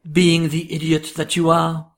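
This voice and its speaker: An actor playing a gloomy male soothsayer in a comic radio play, who speaks in slow, theatrical pronouncements. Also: a little high, monotone. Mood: doom-laden. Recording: roomy echo.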